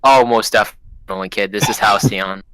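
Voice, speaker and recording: A man's voice: fairly low pitch, normal speed, a bit bright, a little hiss or hum, close to an everyday voice. An actor playing a retired superhero father, brash and teasing, speaking in his own everyday voice. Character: retired superhero dad, gruff and proud.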